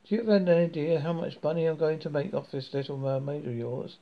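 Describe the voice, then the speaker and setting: A man's voice: on the high side, steady tone, fast, dull audio, close to an everyday voice. A man voicing a greedy, scornful neighbour who speaks dismissively and mockingly.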